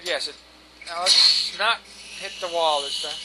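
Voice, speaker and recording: Exasperated, cursing high-voiced man gaming. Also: unhurried, heavy background noise. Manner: exasperated, swears at the game and himself. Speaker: gameplay commentator. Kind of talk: casual let's-play commentary.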